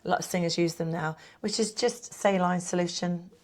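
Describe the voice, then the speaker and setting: A middle-aged woman and pantomime performer chatting in an interview, telling lively stories and acting out what people said. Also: on the low side, a little fast. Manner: chatty, animated storyteller who acts out quotes. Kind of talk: casual interview chat.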